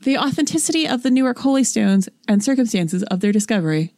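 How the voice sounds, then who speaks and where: A young adult woman co-hosting a casual chat podcast, reading notes aloud in a matter-of-fact way and slowing down on names. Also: on the high side, animated, mellow, no echo, clean studio sound. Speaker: podcast co-host.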